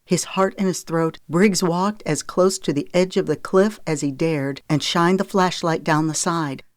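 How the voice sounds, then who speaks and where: An audiobook narrator reading a novel with steady, measured storytelling into a close microphone. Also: medium pitch, no echo. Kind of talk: scripted narration of a romance novel.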